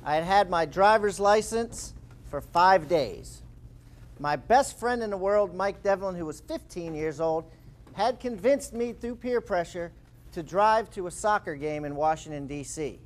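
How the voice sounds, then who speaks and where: A man in his forties, an author and speaker, telling a lively anecdote in a talk. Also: high-pitched, measured pace. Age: 40s. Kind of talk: storytelling talk.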